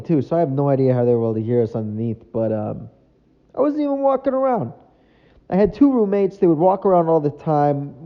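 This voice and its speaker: A man talks through a solo podcast from his apartment, rambling from one story to the next and poking fun at himself. His voice sits at an ordinary middle pitch. The recording is a bit muffled and lo-fi. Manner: rambling, self-mocking, loses his train of thought. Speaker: podcast host. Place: apartment room at home.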